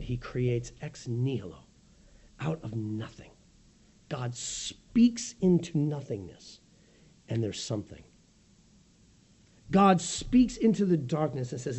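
A man preaching a sermon as pastor, with a raspy voice, animated and swinging between soft and loud, joking about his own slips. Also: slow pace, pauses often. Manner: animated preaching with wide swings in pitch and loudness; jokes at his own slips, laughs easily.

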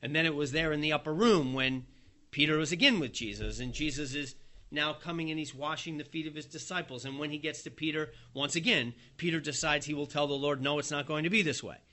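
A man preaching a sermon in a fairly high, bright and forceful voice. He tells the story in a lively way and chuckles now and then as he goes. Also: fairly quick.

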